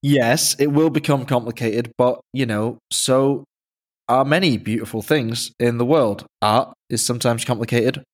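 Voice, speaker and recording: A man's voice: mid-range voice, unhurried. A man with an English accent hosting a podcast, joking in a dry, self-mocking way. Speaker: podcast host. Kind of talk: casual podcast banter.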